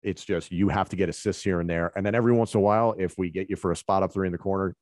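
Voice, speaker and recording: A man who works as a wrestling commentator, answering interview questions in a relaxed, conversational way and explaining with examples. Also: deep voice, rapid-fire, no echo, clean studio sound.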